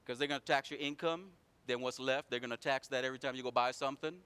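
A man preaching a sermon, swinging from loud emphatic runs to low quiet asides in a repetitive preaching cadence. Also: fairly even intonation, quick pace, smooth.

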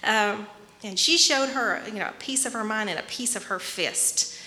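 A woman's voice: medium pitch, moderate pace, sharp tone, big-room sound. A woman preaching a conversational sermon to her congregation, asking them questions and reading scripture aloud. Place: church sanctuary.

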